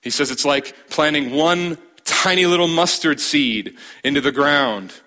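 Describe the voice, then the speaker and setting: Man, pastor, sermon, bright tense voice, dramatic pauses, repeated phrases. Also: medium pitch.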